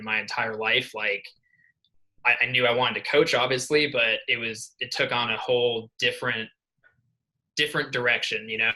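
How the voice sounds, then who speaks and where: Young male coach, twenties, earnest rambling storyteller with a bright, middle-pitched voice. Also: poor audio. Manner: rambling, earnest, many fillers and restarts. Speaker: assistant swim coach. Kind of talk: podcast interview storytelling.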